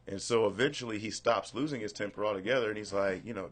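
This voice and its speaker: A man with a fairly low voice hosts a casual talk radio show. He tells stories in a relaxed, loose way and swears lightly now and then. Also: fast. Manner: laid-back storyteller, swears lightly.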